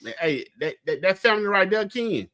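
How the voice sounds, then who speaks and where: A man's voice: high voice, very animated, fairly quick, pushed and bright. A man co-hosting a casual sports chat, trading playful, teasing banter. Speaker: co-host.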